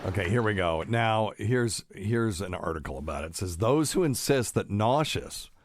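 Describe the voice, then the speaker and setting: Speaking at normal speed in an animated voice on the low side, a middle-aged man who is a doctor talks through his own casual solo podcast. He rambles, stuffs in plenty of fillers and keeps adding pedantic asides.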